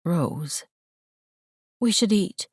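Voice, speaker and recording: An earnest young man speaks low and soft with heartfelt remorse, as a woman narrator reads him. His voice sits a touch deeper than hers, unhurried, in a dry close recording. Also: lively intonation, breathy edge, dry recording, full character voice. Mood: tender.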